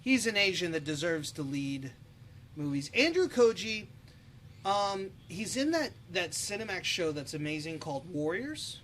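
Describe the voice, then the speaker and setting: Animated opinionated man, high voice. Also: measured pace, slight background noise. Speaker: podcast co-host. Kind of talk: casual chat about movies.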